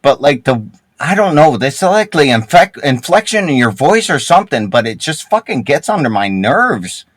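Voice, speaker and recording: A man's voice: on the high side, very animated, normal speed, no room sound, rough recording. A man in a gaming group voice chat who rambles and restarts a lot and swears heavily as he argues. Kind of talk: heated casual voice-chat argument.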